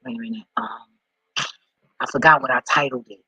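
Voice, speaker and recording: A man talking off the cuff in a vlog, rambling and excitable, swearing often as he reads and reacts. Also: medium pitch, fairly quick, long pauses, breathy edge, low-quality recording. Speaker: vlogger.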